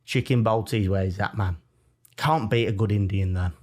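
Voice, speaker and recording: A young man with a Birmingham accent, co-hosting a podcast in casual chat, animated and jokey as he tells stories. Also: fairly low pitch, normal speed. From Birmingham, England. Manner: animated, jokey storytelling with mock-defiant asides. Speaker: podcast co-host.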